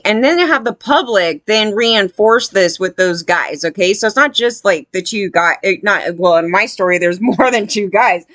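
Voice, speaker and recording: A woman's voice: mid-range voice, measured pace, fairly bright tone, no echo. Woman, casual commentary, blunt and rambling, dry close sound. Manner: blunt, disgusted, rambling with frequent fillers.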